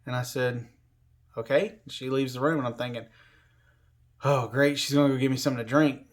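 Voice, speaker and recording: A man's voice: medium pitch, flat delivery, quick pace. Man rambling through a personal story. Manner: rambling, filler-heavy, conversational. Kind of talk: casual spoken storytelling.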